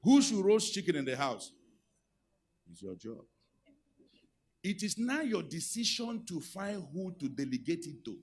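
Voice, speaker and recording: Nigerian preacher guy, middle aged, bit husky, goes from quiet to loud, lively pitch. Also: a little slow, pauses often. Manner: animated preaching, swings from quiet asides to loud exhortation. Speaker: pastor. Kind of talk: sermon on marriage and leadership.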